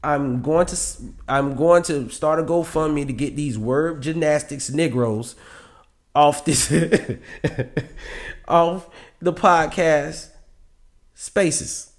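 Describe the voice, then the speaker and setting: A man hosting a podcast, reacting to a clip and giving dating advice in a lively, mocking way, often laughing. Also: fairly high pitch, very slow. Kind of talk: reaction commentary.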